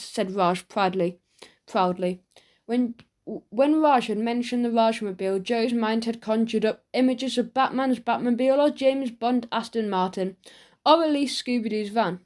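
Woman reading a kids book aloud, lively and expressive, kinda high voice. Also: moderate pace. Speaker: audiobook narrator. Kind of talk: storybook narration.

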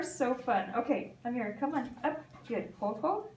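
A fairly high-voiced woman works with a dog, coaxing it with short repeated cues and pausing to explain what she is doing. She sounds some way off from the camera mic, with a roomy echo around her voice. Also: animated, a little hiss or hum. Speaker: dog trainer. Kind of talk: live training session with commentary to camera. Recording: echoey, from a distant camera mic.

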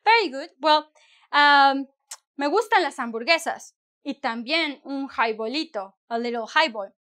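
Woman teacher, bright tone, playful chatty delivery, lots of fillers. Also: high-pitched, lively intonation, moderate pace. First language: Spanish. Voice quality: chatty, many fillers and restarts, playful asides. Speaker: Spanish teacher. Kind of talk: casual online language lesson.

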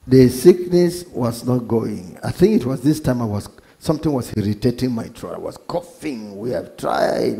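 A man's voice: mid-range voice, vocal fry. A man preaching a sermon as pastor, reading scripture aloud and acting out characters with sudden exclamations. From Nigeria. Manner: preaching with animated dramatized voices and rising exclamations; reads scripture aloud in King James wording.

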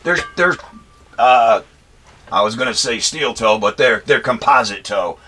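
A man vents about a run-in in a rambling, heated rant, swearing freely and repeatedly restarting his sentences. His voice has a bright, forward edge with a husky grain. He speaks as a Marine veteran talking straight to his viewers. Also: mid-range voice, lively intonation, unhurried. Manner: profane, angry, rambling with restarts and "anyway". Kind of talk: heated personal storytelling rant.

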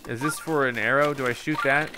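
A man's voice: medium pitch, fairly even intonation, fairly quick, background noise. A man doing casual let's play commentary, musing to himself and easily distracted. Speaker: gaming video host.

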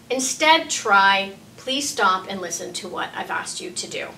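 A woman facilitator giving scripted parenting advice in a calm, encouraging way, a parent herself. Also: medium pitch, moderate pace, few pauses, roomy sound, recorded from a distance, slight background noise, poor audio. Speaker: early years parenting facilitator. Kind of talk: scripted parenting tips talk.

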